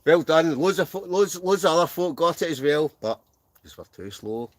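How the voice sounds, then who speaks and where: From inside a camping tent, a Scottish man hosts a wild camping live stream, reading out viewers' names and comments with plenty of jokes and frequent laughter. His voice is on the high side with lively intonation, at normal speed and with no echo.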